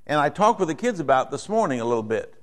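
Man, middle-aged, pastor, sermon, conversational and animated, somewhat high pitch. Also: quick pace. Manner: conversational, rising to animated when voicing characters.

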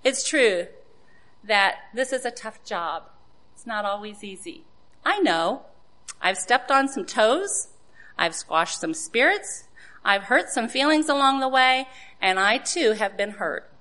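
A woman's voice: a little high, expressive, slow, bright, forceful tone. A woman giving an earnest sermon to other women, asking rhetorical questions and citing scripture. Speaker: women's devotional speaker.

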